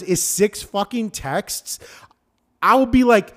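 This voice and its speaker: A man's voice: high-pitched, animated, extremely slow, pauses often, a bit bright. A young man co-hosting a casual comedy podcast, ranting in a profane, exasperated way. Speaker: podcast co-host.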